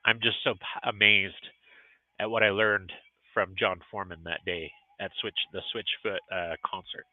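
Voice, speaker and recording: Earnest low-voiced man on a tinny phone line. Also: no room sound. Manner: earnest and encouraging, emotional at times. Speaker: vlogcast host. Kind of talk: motivational livestream vlog. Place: restaurant.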